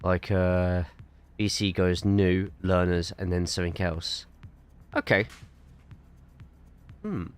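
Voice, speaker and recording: A man with an English accent and a slightly low voice chats casually on a live stream, drifting between track tips and replies to viewers. Music plays clearly behind him. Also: takes it slowly, pauses often. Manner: chatty, rambling, reads viewer chat aloud between driving tips. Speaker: sim racing streamer. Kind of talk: casual live-stream chat while driving.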